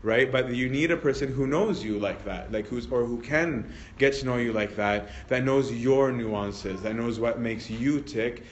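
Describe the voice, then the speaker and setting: A man's voice: mid-range voice, measured pace, hardly any pauses, lo-fi sound, slight background noise. Priest, male, mid-range voice, casual lecture delivery, keeps checking in with listeners. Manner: peppers sentences with tag questions and restarts. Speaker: priest teaching a Bible study. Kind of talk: conversational teaching talk.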